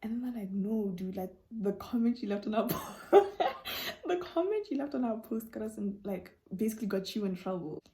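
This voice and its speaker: A young woman vlogger telling stories and answering viewer questions in a casual chat, acting out dialogue with sudden jumps in voice. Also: medium pitch. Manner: animated, acts out dialogue with quick voice jumps.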